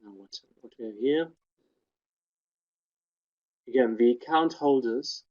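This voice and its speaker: A man with a mid-range voice speaks at a slow pace while presenting a webinar. He walks through spectrograms in a technical lecture, explaining sound details one step at a time over dull, lo-fi audio.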